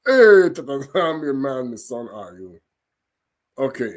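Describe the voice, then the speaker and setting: A man's voice: mid-range voice, a little slow. A man giving an informal scripture lesson, sounding out foreign words syllable by syllable and breaking into chatty, laughing asides. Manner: laughs and gets animated in asides. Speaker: religious teacher.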